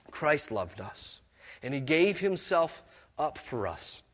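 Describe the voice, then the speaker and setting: A man's voice: sits high, fairly bright tone. A middle-aged man preaching a sermon as pastor, mixing scripture with personal stories in a conversational way. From Canada.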